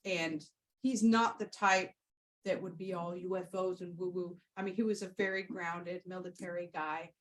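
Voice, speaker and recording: A woman's voice: lowish voice, steady tone, moderate pace, poor audio. A woman Reiki practitioner hosting a podcast, telling a session story and answering questions in a rambling, heartfelt way, with many fillers and restarts. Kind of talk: casual storytelling and Q&A.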